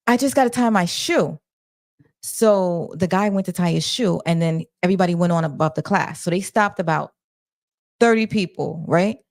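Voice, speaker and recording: This livestream host speaks in a fairly low, gravelly voice. Wandering loosely through her retellings with plenty of fillers, she seems flustered while keeping up with chat.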